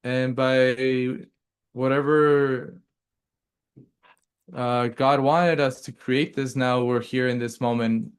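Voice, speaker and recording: Man, earnest guest interpreter, gentle delivery, mid-pitched, plain tone. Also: fairly even intonation, takes it slowly, pauses often, clean tone. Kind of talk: casual interview talk, translating partner.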